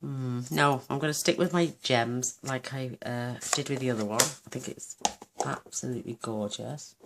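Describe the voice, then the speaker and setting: A woman with a bass voice and vocal fry speaks at a moderate pace over heavy background noise. She hosts a card-making tutorial on a craft channel, chatting casually, gushing over her work, and thinking aloud.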